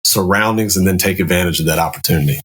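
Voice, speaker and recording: Male Navy chief guest, lowish voice, blunt, profane, explains at length. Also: fast talker, a bit bright, breathy edge. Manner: candid, profane, explaining step by step. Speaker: podcast guest, Navy command master chief. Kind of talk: casual podcast chat.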